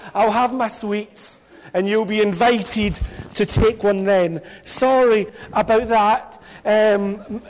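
A man speaks slowly and warmly to children during a church meeting, calling on them by name with a playful lilt. His voice sits high for a man. The microphone picks up a long reverb from the hall around him. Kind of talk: children's talk in a church service. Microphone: handheld microphone.

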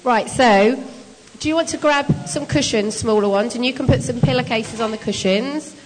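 A woman with a fairly high voice talks briskly, giving out tasks and teasing the people she is guiding in a casual, encouraging way. Her voice carries a long reverb, as if recorded from across a large hall. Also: slight background noise. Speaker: shelter volunteer leader running a bed-making activity. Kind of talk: casual instructions to a group.

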